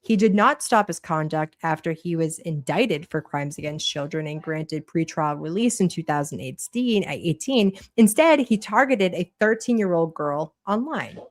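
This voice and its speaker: Woman, Boston accent, low voice, dry close sound, casual livestream chat, blunt and profane. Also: animated, normal speed, few pauses, dry recording. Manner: chatty, blunt and profane, reading a document aloud. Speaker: livestream host.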